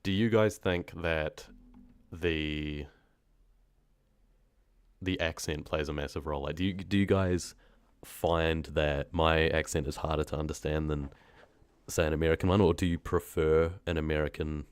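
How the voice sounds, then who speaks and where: A young New Zealand man talks loosely to his stream audience, wandering from thought to thought and letting sentences trail off. His voice sits very low. The sound is dry and close, with no room around it. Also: fairly even intonation, measured pace, smooth, no room sound. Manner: rambling, chatty, often trailing off. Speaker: horror story narrator chatting on a livestream. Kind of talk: casual livestream chat.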